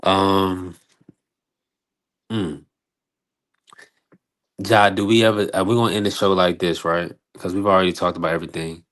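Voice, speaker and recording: Deep flat-voiced man hosting a stream. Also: normal speed, long pauses. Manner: shout-outs to chat, relaxed filler-heavy. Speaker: host. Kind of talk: live-stream boxing talk show.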